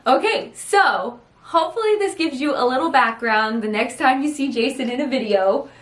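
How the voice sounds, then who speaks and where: Middle-aged woman caregiver, rambling chat, raised pitch, roomy home sound. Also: lively intonation. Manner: rambling, quick, chatty. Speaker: caregiver and host. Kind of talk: casual chat answering viewer questions.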